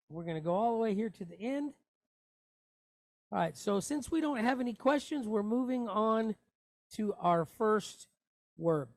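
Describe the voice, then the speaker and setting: Slow, patient male Hebrew teacher. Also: high voice, dry recording. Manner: patient, explains step by step with asides. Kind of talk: online Hebrew lesson.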